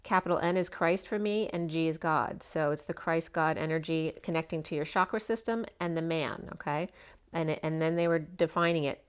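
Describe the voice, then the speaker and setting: A woman giving a casual spoken tarot reading, chatty and meandering, her voice slightly hoarse. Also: deep voice, brisk. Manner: chatty, meandering, full of asides. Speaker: tarot reader.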